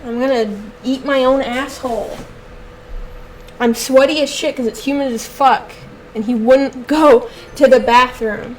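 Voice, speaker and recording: A young adult woman streamer chatting casually while she plays, ranting with heavy swearing and switching to soft baby talk with her dog. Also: sits high, steady tone, unhurried, a little hiss or hum, poor audio. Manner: exasperated, heavily profane ranting. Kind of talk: casual live-stream chat.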